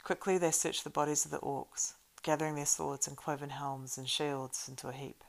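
A woman reading a storybook aloud in a steady narrating voice, with small stumbles now and then. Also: deep voice, normal speed, vocal fry, low-quality recording. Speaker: reader.

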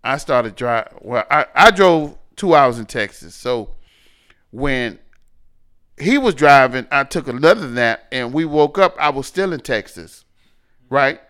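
Animated man telling stories. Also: medium pitch, unhurried, clear, resonant tone. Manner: animated storyteller, swings between loud and quiet. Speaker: podcast co-host. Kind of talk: casual chat.

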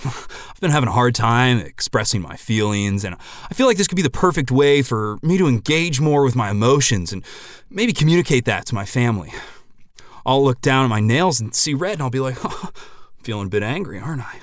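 A man voicing a dopey, earnest dad who talks softly about his feelings, with a smooth voice. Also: medium pitch, no room sound, clean studio sound, close to an everyday voice.

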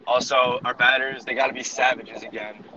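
A man's voice: mid-range voice, flat delivery, a little fast, highs cut off, crowd noise. A young man speaking directly and plainly in a casual podcast chat. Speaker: podcast co-host.

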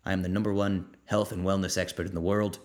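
A man's voice: sits low, flat delivery, fast, darkish tone, lightly acted. A man putting on the voice of a smug, self-important male health expert who boasts that he is never wrong. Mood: boastful.

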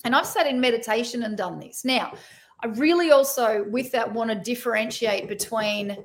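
A woman's voice: on the high side, moderate pace, slight background noise. A woman coach talking casually on a live stream, loose and conversational, often checking in with "right?" and restarting her sentences. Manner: conversational, loose, frequent tag questions and restarts. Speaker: addiction and trauma recovery coach.

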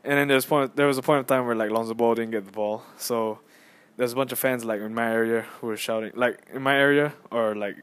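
Rambling, excitable young man podcasting. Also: medium pitch, fairly quick, clear, resonant tone. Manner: rambling and excitable, many fillers and restarts. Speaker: podcast host. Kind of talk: casual solo podcast storytelling. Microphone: phone.

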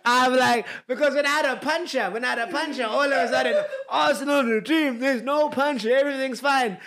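A man's voice: very high-pitched, fairly quick, a bit bright. A man co-hosting a casual podcast chat, ranting playfully and teasing his co-host with lots of laughter. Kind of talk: casual chat about fantasy football.

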